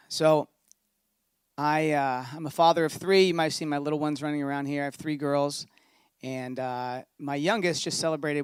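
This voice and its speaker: A man's voice: on the high side, clear, resonant tone, no room sound, studio quality. A man, a pastor preaching a sermon in a conversational, storytelling way.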